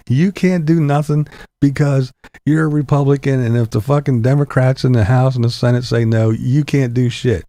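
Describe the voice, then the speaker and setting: A man's voice: medium pitch, moderate pace, warm tone, no room sound. Swearing, ranting man in a dry room. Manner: angry, blunt, heavy swearing, sarcastic laughs. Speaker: political commentator vlogger. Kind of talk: profane political rant.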